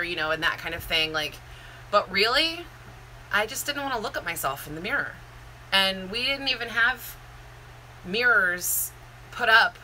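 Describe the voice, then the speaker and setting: Bright-voiced woman in casual chat. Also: fairly high pitch, a little hiss or hum, rough recording. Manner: rambling, heartfelt, many fillers and restarts. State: near tears. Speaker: vlogger and Zumba instructor. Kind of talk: casual live-stream chat.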